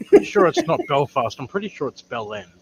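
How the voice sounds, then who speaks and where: A man's voice: medium pitch, wildly swooping pitch, fast, vocal fry, slight background noise. A man joining a livestream in casual banter, teasing dryly. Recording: dull lo-fi audio.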